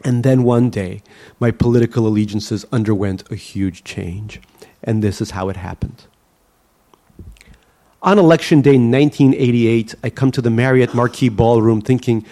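A man's voice: medium pitch, normal speed, warm tone. A man from the Soviet Union reading his memoir aloud to a live audience, with a wry, self-mocking delivery. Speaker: storyteller.

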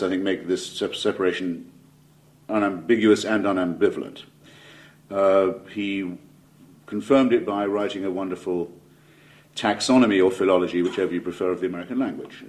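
A man with an English accent delivers a lecture to an audience, his voice sitting slightly low. He talks in a wry, digressive way, stopping himself mid-sentence for ironic asides before returning to his point. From England. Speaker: lecturer giving a speech. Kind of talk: public lecture.

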